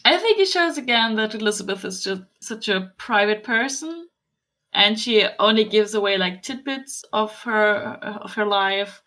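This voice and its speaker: A woman's voice: medium pitch, animated, normal speed, sharp tone. A woman co-hosting a podcast, earnest and admiring, often restarting her sentences in casual fan chat. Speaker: podcast co-host.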